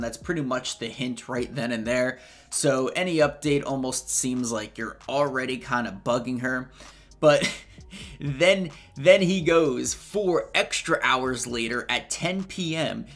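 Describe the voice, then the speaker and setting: A man's voice: medium pitch, fairly bright tone. A young man in his twenties, a YouTuber giving casual, slangy commentary on text messages and chuckling often.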